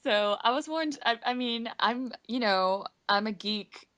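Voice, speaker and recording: A woman's voice: fairly high pitch, a bit bright. A woman from Singapore, a voice actress, chatting as the guest of an interview over a conference call in a bubbly way. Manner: bubbly, chatty and quick to laugh. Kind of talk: casual interview answers.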